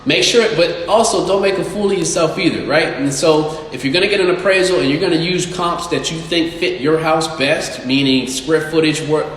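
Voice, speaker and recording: A man's voice: a little high, normal speed, hardly any pauses, a bit bright. A man who is a real estate investor and agent, talking casually and bluntly to his followers, with emphatic, swearing delivery. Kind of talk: casual live-stream talk to followers. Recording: very echoey room with long reverb and faint noise.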